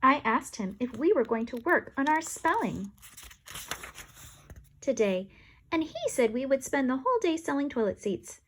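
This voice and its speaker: A woman's voice: sits high, sing-song, normal speed, pauses often, a little hiss or hum, pitched above the performer's own voice. A woman voicing a serious, slightly bossy schoolgirl who talks earnestly and huffs. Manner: earnest, huffy, a bit bossy.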